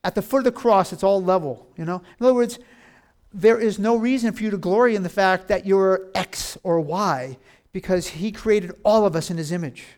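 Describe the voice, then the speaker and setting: Older male preacher, high voice, chatty and playful, laughs a lot between points. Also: moderate pace, a little mellow. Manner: folksy, jokey, acts out voices, laughs often. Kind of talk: casual sermon.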